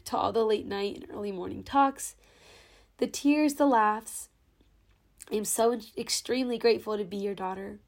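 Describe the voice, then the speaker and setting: A woman's voice: medium pitch, normal speed. A young woman hosting her own podcast, speaking a sentimental thank-you monologue and holding back happy tears. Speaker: podcast host. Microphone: own camera.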